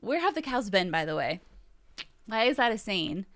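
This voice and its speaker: Brief: young woman host, bright voice, loose rambling chat, dry close sound. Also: medium pitch, sing-song, normal speed, no room sound. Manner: chatty, rambling, swears casually. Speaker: vlog host. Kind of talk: casual chat to camera. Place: home room with game shelves.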